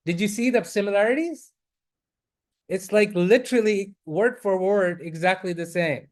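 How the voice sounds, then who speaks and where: Man, Arabic lesson, fairly high voice, quick verse recitation then explanation. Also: expressive, darkish tone. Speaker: Arabic teacher. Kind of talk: classroom lesson reading and explaining Quranic Arabic. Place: mosque classroom.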